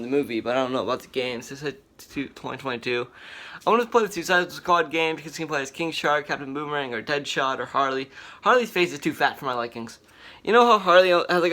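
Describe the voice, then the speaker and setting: An excited man rambling through a casual vlog, with plenty of fillers and restarts. His voice is bright and sits a little high for a man. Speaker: vlogger.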